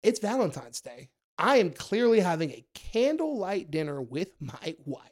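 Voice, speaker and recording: A young man tells a story in a relaxed podcast chat, his voice sitting a bit high. He jumps up in pitch to act out the people he quotes, then drops back into easy talk. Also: a little slow. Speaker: guest, food content creator.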